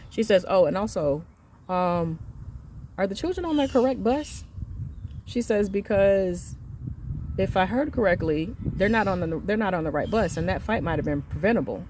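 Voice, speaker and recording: A woman in her thirties telling an angry story about her son's school, emphatic and reenacting the conversations, swinging between quiet and loud. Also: lowish voice, normal speed, slight background noise. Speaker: mother venting on her channel. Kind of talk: heated storytelling rant.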